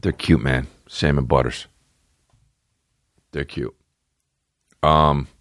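A man in his thirties hosting a podcast from home, rambling in a casual, profane, animated way with lots of restarts. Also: a bass voice, takes it slowly, no room sound, studio quality. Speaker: podcast host. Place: at home, dogs nearby. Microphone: podcast microphone.

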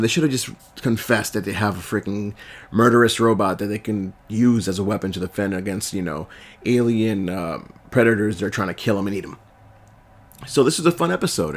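A man with a raspy voice from a lingering cold, hosting a casual solo podcast where he reviews a TV series in a rambling, self-correcting way. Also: lowish voice, expressive, fast talker.

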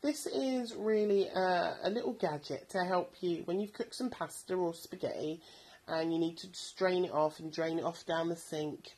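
Woman, 30s, podcast host; husky and slightly low, rambling and chatty. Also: normal speed, darkish tone, rough recording. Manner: chatty, rambling, many ums. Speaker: podcast host recommending bargain buys. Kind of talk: casual product recommendations.

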